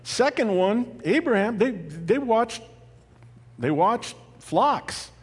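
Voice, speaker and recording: A man preaching a sermon as pastor, animated and conversational, with asides and light laughter. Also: high-pitched, slow pace, slightly rough. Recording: long hall reverb.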